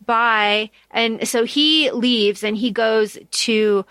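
A woman's voice: a little high, very slow, fairly bright tone, clear, resonant tone, dry recording. A woman co-hosting a podcast, chatting casually about a book, swearing freely and using lots of fillers. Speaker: podcast co-host.

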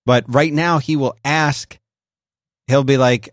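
A middle-aged man chatting as a podcast co-host, easygoing and expressive, retelling family moments. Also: medium pitch, normal speed, no room sound, clean studio sound. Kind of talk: casual chat.

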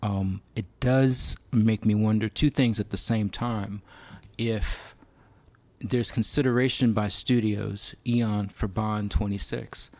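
A man co-hosting a casual podcast chat, thoughtful and halting, with many pauses and restarts. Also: fairly low pitch, steady tone, darkish tone, no room sound. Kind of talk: casual film-industry chat.

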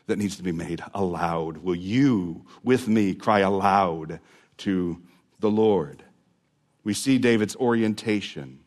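A man's voice: on the low side, animated, a little slow. A man preaching a sermon in an earnest, conversational way, rising into emphatic swells on key points.

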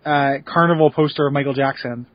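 A man co-hosting a podcast in casual chat, making wry, deadpan jokes. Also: medium pitch, brisk, no room sound, highs cut off. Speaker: podcast co-host.

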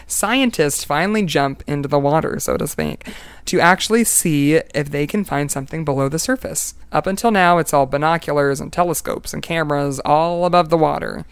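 A jokey podcast host rambling through a story with frequent laughs. The voice has a gravelly fry yet stays smooth and resonant. The sound is dry and close. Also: medium pitch, dry recording. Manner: playful, jokey, laughs often. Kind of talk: casual storytelling chat.

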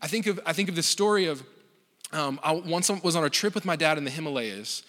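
Man, pastor, casual joking sermon, bright tone, long hall reverb. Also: a little high, lively intonation, a little fast. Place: church.

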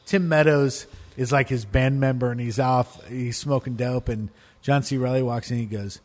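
A man co-hosting a casual podcast chat, animated and swearing freely as he retells scenes. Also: mid-range voice, moderate pace. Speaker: podcast co-host.

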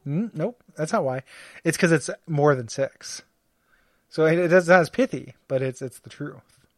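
Podcast co-host, male, slightly high voice, rambling chatty delivery, dry close mic. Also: moderate pace, dry recording. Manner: rambling, lots of fillers and restarts, laughs often. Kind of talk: casual chat about a video game. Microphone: studio microphone.

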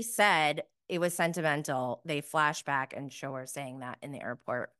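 Woman host, lower-pitched voice, chatty and sarcastic, casual commentary delivery. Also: steady tone, normal speed, few pauses, a bit bright, smooth. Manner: chatty and sarcastic, with many fillers. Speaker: podcast host recapping reality TV.

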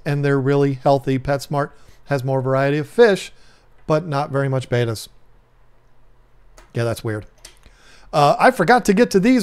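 Guy hosting a livestream, kinda high voice, rambly and joking around with chat. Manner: rambling, joking, reads out viewer comments. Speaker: livestream host. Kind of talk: casual live-stream chat.

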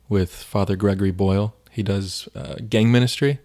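A man's voice: lowish voice, moderate pace, few pauses, a little mellow. A man co-hosting a faith podcast, chatting casually and retelling stories with many fillers. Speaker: podcast co-host.

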